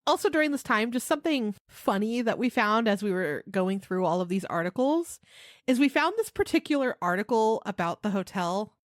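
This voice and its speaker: A woman co-hosting a podcast in casual chat, giggly and expressive, often laughing as she talks. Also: mid-range voice, brisk, dry recording, clean studio sound. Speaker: podcast co-host.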